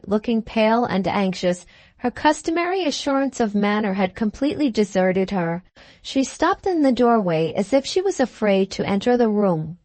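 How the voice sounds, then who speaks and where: A woman narrating a Victorian novel as an audiobook in a measured, even storytelling manner. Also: medium pitch, dry recording.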